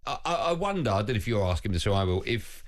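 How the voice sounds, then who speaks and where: A man's voice: fairly low pitch, very animated. A man hosting a live sports radio show, chatty and teasing, with a British accent. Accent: British English. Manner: chatty, teasing, quick banter. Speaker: radio host.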